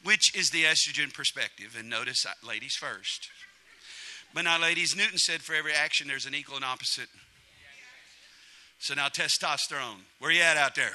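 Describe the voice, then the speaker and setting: A middle-aged man preaching a sermon, humorous and animated, acting out quotes in different voices. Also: a little high. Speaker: pastor.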